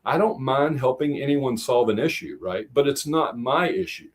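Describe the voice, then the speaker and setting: Man, middle-aged, from the United States, husky voice, mid pitch, rambling casual storyteller, guest on a streamed chat. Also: lively intonation, normal speed. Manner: rambling storyteller, acts out quotes, many restarts. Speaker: guest, high school teacher and veteran.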